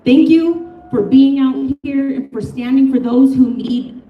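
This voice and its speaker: A woman's voice: high-pitched, unhurried, phone-quality sound, slight background noise. A woman from Colorado giving a fiery, profane, off-the-cuff protest speech at an outdoor rally. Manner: fiery, profane, off-the-cuff, laughs between lines. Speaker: rally speaker. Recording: echoey, from a distance.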